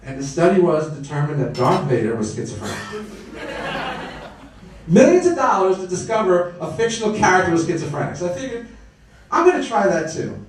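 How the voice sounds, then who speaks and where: Akzent, Mann, Stand-up-Comedian, lebhaft, höhere Stimme, hallender Club, entfernt aufgenommen. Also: male voice, sits high, sing-song, fairly quick. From Brooklyn, New York. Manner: brash, wisecracking, crowd work. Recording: echoey club from far off.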